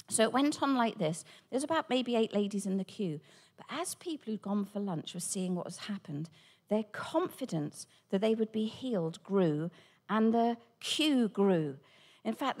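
A woman, a Christian speaker, telling a personal testimony with animated storytelling and acted-out dialogue. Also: a little high. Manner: animated, acts out quoted dialogue.

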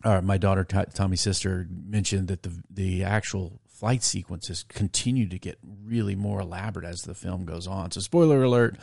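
A man's voice: sits low, moderate pace, creaky, hardly any pauses, a little mellow, dry recording, studio quality. A middle-aged man, chatting casually and reviewing a movie with his son, rambling and often laughing. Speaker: podcast host, father.

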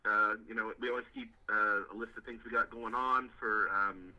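A man's voice: lowish voice, fairly even intonation, moderate pace, highs cut off. A young man, a youth pastor, telling a story in a casual interview, rambling with repeated words and many fillers. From Indiana, US.

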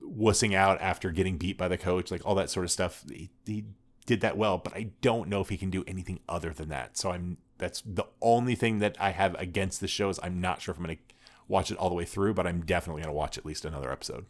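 Male podcast co-host, deep voice, dry and opinionated, casual delivery. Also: fast. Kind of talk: casual chat.

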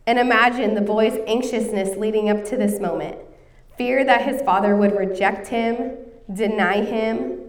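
A woman's voice: mid-range voice, fairly even intonation, measured pace, far from the mic. Woman preacher, thirties, earnest sermon, set back from the mic. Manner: earnest, storytelling, coughing now and then. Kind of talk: sermon with personal story.

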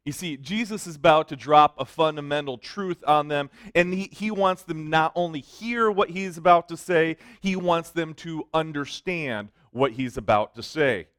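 A man's voice: on the high side, moderate pace, few pauses, fairly bright tone, clear, resonant tone, dry recording, studio quality. A middle-aged man preaching a sermon as a youth pastor, mixing emphatic points with self-joking stories. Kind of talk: sermon with storytelling.

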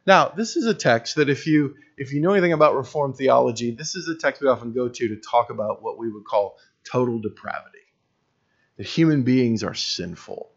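A pastor with a mid-range voice preaches a little quickly, earnest and rising to emphatic peaks, with wry jokes at his own expense. The recording is dull and lo-fi.

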